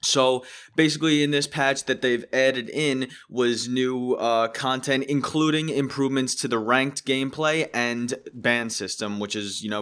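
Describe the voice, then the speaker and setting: A man's voice: medium pitch, fairly bright tone, clean tone. A man hosting his own gaming channel, chatting casually about a game update with loose phrasing, fillers and restarts.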